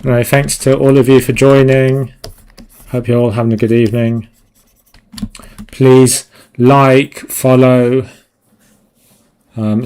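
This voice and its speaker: This man's voice has a medium pitch and a darkish tone. He's a concept artist streaming live while he draws, talking casually in a rambling, self-deprecating way, with thoughts that often trail off.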